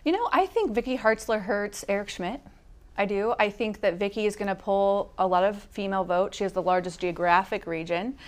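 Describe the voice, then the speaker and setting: A woman's voice: medium pitch, a little fast. Decisive woman political strategist. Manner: decisive, agreeable. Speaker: Republican strategist, panelist. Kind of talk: political panel talk.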